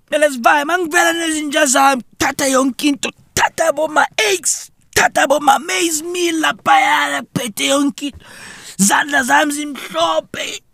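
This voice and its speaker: Man voicing a loud, bright-voiced South African xenophobe, blustering comic rant. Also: very high-pitched, fairly even intonation, normal speed, creaky, no room sound, full character voice. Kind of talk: comic sketch.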